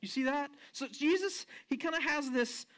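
A man preaching a sermon as a pastor, retelling a scene with rhetorical questions to his congregation and often slowing down or speeding up for emphasis. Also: extremely high pitch, a bit bright.

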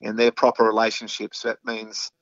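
A man's voice: on the low side, monotone, moderate pace, a bit bright, no echo. Earnest middle-aged Australian man. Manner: earnest, frank, with many fillers and restarts. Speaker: guest, foundation founder. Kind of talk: candid interview talk. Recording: slightly dull lo-fi audio.

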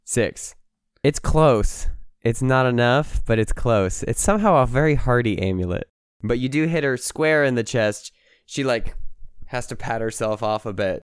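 A man's voice: mid-range voice, animated, normal speed, clear, resonant tone, dry recording, clean studio sound. A man narrating a tabletop game as game master, playful, with laughing asides.

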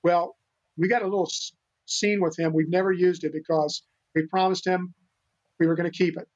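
An older man from the United States speaks in a high register, earnest and full of restarts as he tells his stories. The audio sounds dull and lo-fi, like a remote interview. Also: fairly even intonation, moderate pace. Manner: earnest, rambling, many restarts. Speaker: podcast guest, animal rescuer. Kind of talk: casual interview storytelling.

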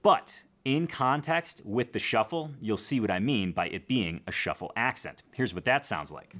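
Lively-voiced man teaching blues guitar. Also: lowish voice, moderate pace. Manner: relaxed, explanatory, counts beats aloud. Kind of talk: casual guitar lesson.

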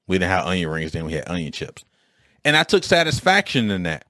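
A man in his forties or fifties from Detroit, telling a casual story on his own podcast with an animated, streetwise delivery and mild swearing. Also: deep voice, a little fast, dry recording, clean studio sound. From Detroit, USA. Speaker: podcast host.

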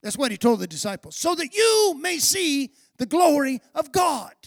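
A man with an unusually high, gravelly voice preaches a sermon as a pastor. He tells the story with voices for its characters and builds to forceful, shouted emphasis. The sound is dry and close, with no room echo. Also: sing-song, normal speed.

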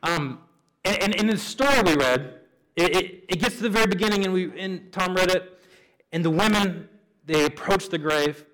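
A man's voice: sits high, moderate pace, a bit bright, poor audio. A man preaching an Easter sermon as pastor in a church, casual and chatty with lots of fillers and restarts. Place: church sanctuary.

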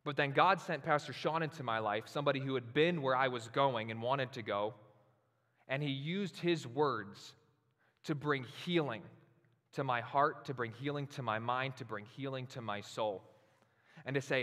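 Man preaching in a reverberant hall. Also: medium pitch. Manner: builds to loud, slow emphatic preaching. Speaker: pastor. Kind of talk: sermon.

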